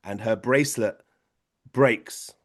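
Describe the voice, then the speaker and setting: A man's voice: fairly low pitch, takes it slowly. A man, a podcast producer, telling a long rambling story in casual chat and tagging lines with questions. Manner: rambling anecdote with frequent tag questions.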